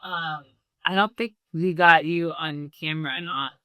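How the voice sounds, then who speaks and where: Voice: medium pitch, fairly even intonation, normal speed, bright, forceful tone, dry recording, clean studio sound. A podcast host chatting casually, eager and full of fillers. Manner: enthusiastic, filler-heavy. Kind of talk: casual interview chat.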